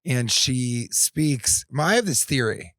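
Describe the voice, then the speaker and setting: Man, comedian guest, deadpan riffs, dry close mic. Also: medium pitch, slow, no room sound. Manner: deadpan, playful riffing. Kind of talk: casual comedic chat.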